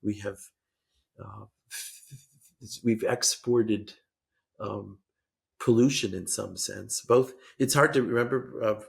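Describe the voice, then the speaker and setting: Older man, podcast guest, low gravelly voice, hesitant, restarts sentences. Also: steady tone. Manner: measured, hesitant, many restarts. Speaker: guest policy expert. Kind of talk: podcast interview.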